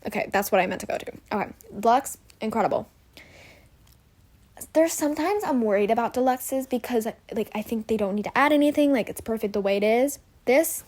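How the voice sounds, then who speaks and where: A woman's voice: a little high, a little mellow. A young woman hosting a casual solo podcast, rambling and gushing with many fillers and self-corrections, sometimes dropping to a whisper. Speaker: podcast host.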